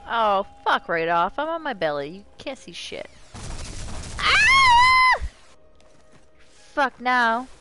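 A woman streaming live gameplay commentary, swearing freely and yelling at the game. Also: on the high side, very animated, moderate pace, hardly any pauses, music in the background. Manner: profane, exclaiming, talks to the game.

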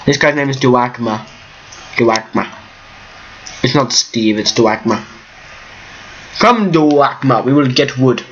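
A goofy, excitable man giving casual commentary while playing a block-building game at home. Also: medium pitch, takes it slowly, pauses often, lo-fi sound, a little hiss or hum. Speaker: Minecraft let's player. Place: room at home.

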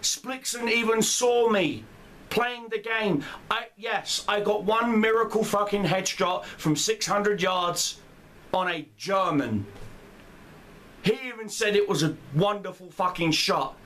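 A man's voice: sits high, slow, a bit bright. A man in a furious, profane rant as a gamer, heated and swearing throughout. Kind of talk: angry rant vlog.

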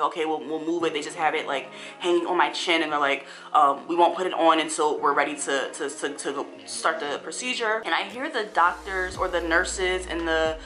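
A young woman vlogger telling a painful personal story in a halting way, full of fillers and restarts, at times near tears. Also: sits low, bright, forceful tone. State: tearful, voice breaking.

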